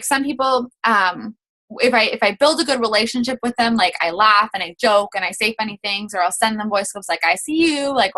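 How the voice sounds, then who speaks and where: Young woman, bright tone, slightly high voice, chatty sales coaching, lots of fillers. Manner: chatty, many fillers, acts out quoted messages. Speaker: sales team leader. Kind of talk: casual coaching talk.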